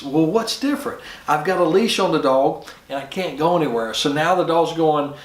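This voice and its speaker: A man's voice: fairly high pitch, animated, normal speed, hardly any pauses. Echoey-room male dog trainer, talking casually. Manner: conversational, with many restarts, acts out dog and owner voices. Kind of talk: casual instructional talk.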